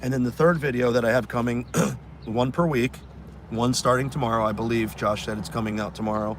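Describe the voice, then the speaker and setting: A man hosting a live stream outdoors in a city, telling stories in a casual, animated way. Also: mid-range voice, a little fast, noisy background. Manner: animated, acts out fans' voices. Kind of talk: casual storytelling chat.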